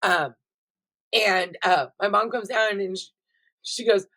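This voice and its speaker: A woman's voice: mid-range voice, measured pace, long pauses. A middle-aged woman vlogger, chatting casually and expressively to her viewers about what she has been watching, swearing freely as she goes. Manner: chatty, expressive and profane, addresses viewers directly. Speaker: vlogger reviewing TV shows. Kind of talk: casual chatty recap vlog.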